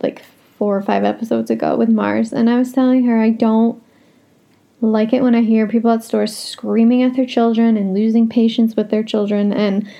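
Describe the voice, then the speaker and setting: A woman's voice: on the high side, mellow. A young woman hosting a solo podcast, talking casually and bluntly, swearing freely as she vents. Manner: blunt, frank and swears a lot. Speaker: podcast host.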